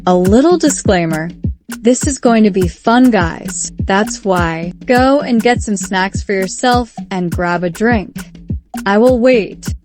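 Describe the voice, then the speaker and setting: A woman's voice: medium pitch, lively intonation, takes it slowly, music in the background. Chatty young woman telling a storytime. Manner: chatty, dramatic, addresses viewers directly. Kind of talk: first-person storytime narration.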